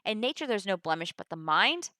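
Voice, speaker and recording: A loyal young-ish sea captain pleads with a friend who seems to have turned on him. A woman reads him out plainly, her tone bright and sharp, and the sound close and dry. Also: mid-range voice, very animated, brisk, dry recording. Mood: pleading. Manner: plain reading of verse, little voicing.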